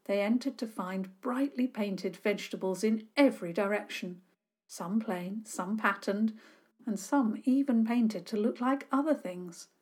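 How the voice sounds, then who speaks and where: Expressive woman reading a children's story. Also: mid-range voice. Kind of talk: scripted children's story narration.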